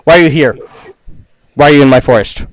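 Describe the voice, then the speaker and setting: A tiny male dandelion creature with a rapier, bossy and territorial, speaks in a weird little high voice, as a man puts him on. He declaims slowly and loudly, with pompous flair in a tabletop game. The voice is dry and close. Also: big pitch swings, dry recording. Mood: imperious. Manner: grandly declaiming, bossy and flirtatious. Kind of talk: game master voicing a character.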